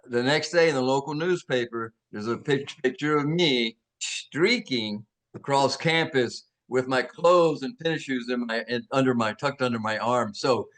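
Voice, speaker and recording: A man in his sixties with a Southern American accent tells stories in an interview at an ordinary middle pitch. His manner is folksy and full of laughs. He acts out the other people in his stories. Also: moderate pace, a bit bright. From Georgia, USA. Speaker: interview guest. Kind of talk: casual storytelling.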